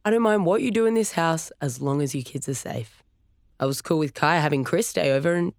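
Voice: medium pitch, fairly quick, no room sound, studio quality, close to an everyday voice. A narrator voicing a cheerful middle-aged dad who jokes easily in a storybook reading. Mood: teasing.

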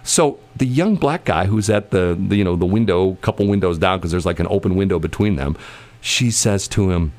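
A man's voice: on the low side, sing-song, normal speed, gravelly, a little mellow. A man casually telling a long anecdote in conversation, rambling with many restarts and bursts of laughter. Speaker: storyteller in a conversation.

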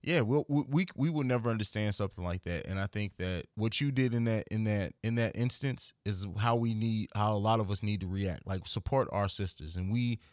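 A man's voice: on the low side, brisk, hardly any pauses, no echo. Earnest, reflective man, dry close sound. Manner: reflective, earnest, repeats words while thinking. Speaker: podcast host. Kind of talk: casual podcast conversation.

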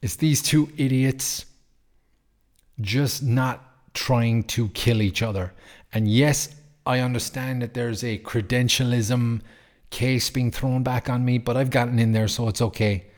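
A man's voice: medium pitch, fairly even intonation, a little slow, darkish tone. A man hosting a podcast, talking casually and bluntly, with plenty of swearing and rants. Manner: blunt, profane, ranting. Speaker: podcast host. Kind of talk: casual opinion chat.

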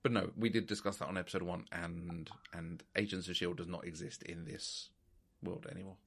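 A man co-hosting a podcast, adding quiet, brief remarks to a casual chat. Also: sits low, steady tone, a little fast, husky. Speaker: podcast co-host.

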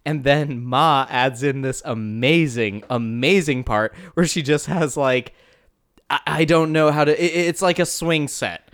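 A man co-hosting a podcast, casually and excitedly recapping a kung fu film. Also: mid-range voice, a little slow. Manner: excited, animated retelling with acted quotes. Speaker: podcast co-host.

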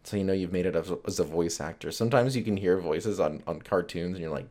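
A man with a deep, low voice talks to his listeners alone on a podcast. He rambles from topic to topic in a loose, profane, joking way. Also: fast talker, a little mellow. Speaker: podcast host. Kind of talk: casual solo podcast chat.

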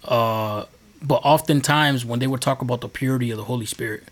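On a podcast, a man with a medium-pitched voice talks a little fast while recounting his faith testimony. His storytelling is casual, earnest, and rambling, full of fillers.

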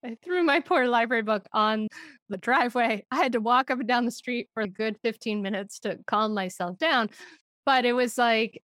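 A woman's voice: fairly high pitch, normal speed, a bit bright, no room sound, clean studio sound. A woman talking about parenting as a podcast guest. She tells stories with animation and laughs often. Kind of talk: podcast conversation.

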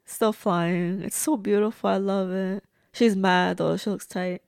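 A woman's voice: mid-range voice, steady tone, unhurried, vocal fry, hardly any pauses, a little mellow, no echo, studio quality. A woman giving casual, blunt, reactive commentary as she watches and reviews a movie. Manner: chatty, blunt and reactive, swears freely.

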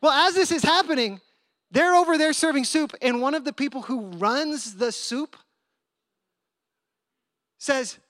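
A man delivers a storytelling sermon with a high, bright-edged voice. He jumps into character voices for the people in his anecdote, keeping it animated. The sound is dry and close. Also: unhurried, pauses often, no echo. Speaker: pastor.

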